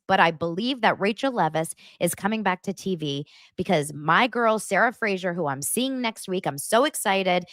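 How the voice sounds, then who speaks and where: Woman livestream host, lively swooping voice, gossipy chatter, dry close sound. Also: on the low side, no echo. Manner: chatty and gushing, full of fillers and asides. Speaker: host of a pop-culture livestream show. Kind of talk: casual chat to a live audience.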